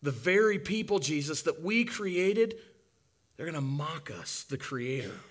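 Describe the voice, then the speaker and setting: A man preaching a sermon as a dramatic monologue, impassioned and swinging from loud to hushed. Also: fairly high pitch, lively intonation, measured pace.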